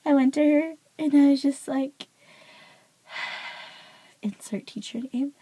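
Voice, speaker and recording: Over a dry, poor-quality recording, a teenage vlogger with a high-pitched voice tells a school story slowly. Her rant is chatty and animated, and "like" punctuates every phrase.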